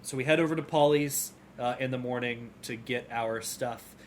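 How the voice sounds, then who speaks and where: A man's voice: mid-range voice, moderate pace, slight background noise. A man co-hosting a gaming podcast in casual chat, retelling a game's story and acting out the characters' lines. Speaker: podcast co-host.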